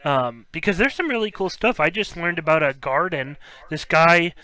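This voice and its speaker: Bright-voiced chatty man hosting a stream. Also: on the high side, lively intonation, moderate pace. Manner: chatty and enthusiastic, laughs often. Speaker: card break host. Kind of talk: casual livestream chat.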